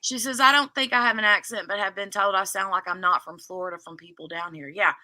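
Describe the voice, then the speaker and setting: A woman's voice: mid-range voice, steady tone, fast, bright, forceful tone, no room sound. A woman with a Southern US accent from the Kentucky–Indiana border, chatting casually on a craft livestream and reading viewer comments aloud. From southern Indiana near Louisville, Kentucky.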